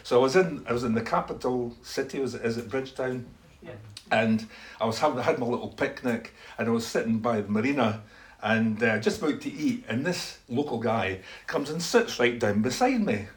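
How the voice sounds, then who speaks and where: A man's voice: medium pitch, normal speed. A man telling a church testimony as a story, acting out both sides of conversations and laughing often. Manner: animated, acts out dialogue, laughs often.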